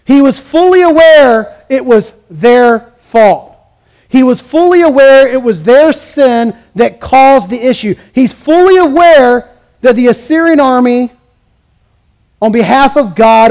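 A man's voice: extremely high pitch, lively intonation, a little slow, a little mellow. A man preaching a sermon, emphatic and full of rhetorical questions, acting out the voices he quotes. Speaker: pastor.

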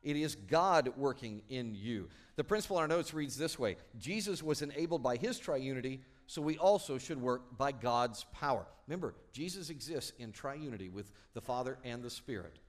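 A man's voice: mid-range voice, lively intonation, normal speed, hardly any pauses. Man preaching a sermon. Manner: storytelling, acts out quoted voices. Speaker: pastor.

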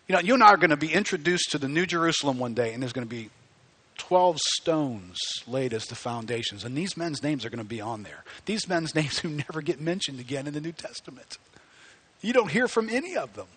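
Bright, husky-voiced male preacher. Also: on the high side, a little fast, no room sound. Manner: animated preaching, rising to near-shouts. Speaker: pastor. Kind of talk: sermon.

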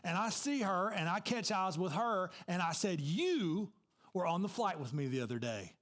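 High-voiced preacher telling a story. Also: male voice, animated, fairly quick, fairly bright tone. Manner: storytelling, conversational with y'all asides. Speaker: pastor. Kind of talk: sermon.

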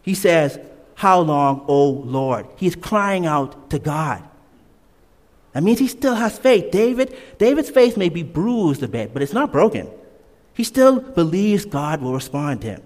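A man preaches with emphatic energy, repeating his key points and slipping into casual asides. His voice sits a little high and rises and falls a lot. It rings out with the long reverb of a large hall. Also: very animated, unhurried, darkish tone. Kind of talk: sermon.

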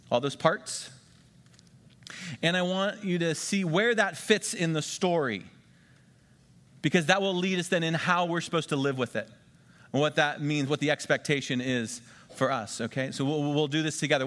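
Man, pastor, sermon, slightly high voice, emphatic, slow repeated phrases, long hall reverb. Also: animated, a bit bright. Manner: emphatic, repeats key phrases slowly for the congregation.

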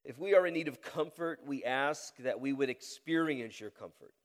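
Pastor with a head cold, echoing hall. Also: male voice, mid-range voice. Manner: deliberately slowed cadence, rising for emphasis in reading. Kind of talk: sermon with scripture reading and prayer. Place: church sanctuary.

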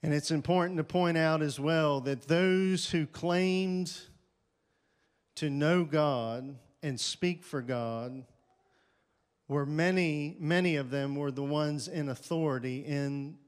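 A man preaching from the pulpit in a slightly raised voice, taking his time. He leans on repetition, building each phrase louder, and lets deliberate pauses hang between words. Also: on the high side, clear, resonant tone. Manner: emphatic, repeats key phrases with rising force; slow, deliberate delivery with dramatic pauses. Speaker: pastor. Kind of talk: sermon.

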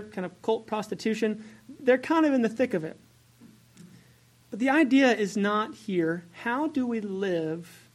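Brief: female preacher, mid-pitched, conversational sermon, poses questions, self-corrects. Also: darkish tone. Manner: conversational, asks the congregation questions; self-correcting as she goes.

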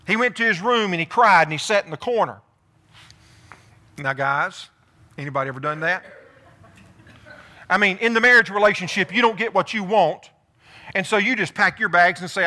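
A male pastor giving a lively sermon, asking the congregation questions and calling on people by name. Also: high voice, normal speed, long pauses. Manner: animated, calls on listeners by name, asks the room questions.

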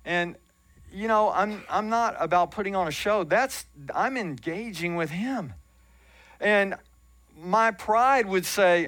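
A pastor delivers a sermon in a church, his voice pitched a little high for a man. He talks in an earnest, conversational way and drops in self-deprecating asides. The sound is close and dry. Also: expressive, a little slow, a bit bright, dry recording. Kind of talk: sermon teaching. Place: church sanctuary.

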